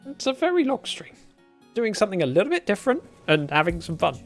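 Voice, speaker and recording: A male streamer chatting with viewers at the end of a long session, tired but upbeat. His pitch moves a lot as he talks, and soft music plays underneath. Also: very animated, fast. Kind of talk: livestream game reading and commentary.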